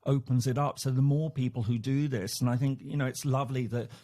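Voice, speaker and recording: English man, halting and laughing. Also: medium pitch, fairly even intonation, dark tone. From England. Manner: hesitant, repeats words, laughs often. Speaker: guest academic. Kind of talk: conversational interview.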